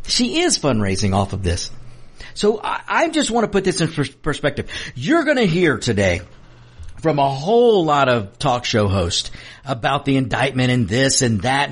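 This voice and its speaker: A middle-aged man hosting a political commentary show, delivering an emphatic opinionated monologue straight to his viewers, often restarting and repeating himself. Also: on the high side.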